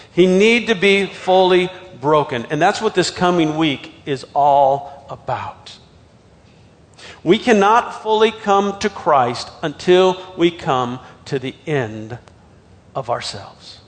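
A male pastor with a fairly high voice delivers a sermon, retelling the story with dramatic swings between loud outbursts and soft, hushed lines. His voice rings out with a long reverb, as in a large church hall.

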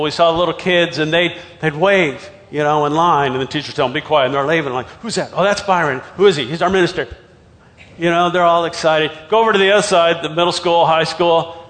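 A male pastor with a fairly high voice delivers a sermon, retelling the story with dramatic swings between loud outbursts and soft, hushed lines. His voice rings out with a long reverb, as in a large church hall.

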